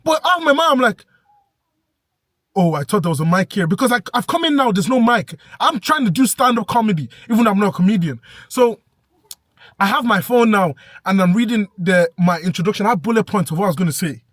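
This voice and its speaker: A young man telling an animated, breathless story in a vlog rant, bursting into shouts now and then. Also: high voice, fairly quick, no room sound, clean studio sound. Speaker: vlogger.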